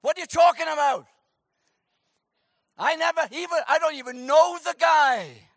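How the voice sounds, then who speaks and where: A man playing a loud, rash disciple. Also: extremely high pitch, sing-song, takes it slowly, no echo, clean studio sound, voice pushed up, exaggerated voice. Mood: flustered. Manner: shouting eager vows. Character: brash boastful male disciple, loud and rash.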